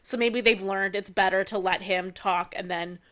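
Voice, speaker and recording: A woman's voice: medium pitch, steady tone, moderate pace, a bit bright. A woman co-hosting a podcast in casual movie chat, playful and acting out scenes with quoted lines. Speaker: podcast co-host.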